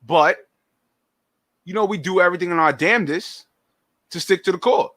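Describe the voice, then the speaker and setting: Halting young man, bright dry voice. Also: high-pitched, no echo. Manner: halting, repeats words while thinking. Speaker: podcast host. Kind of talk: casual podcast chat.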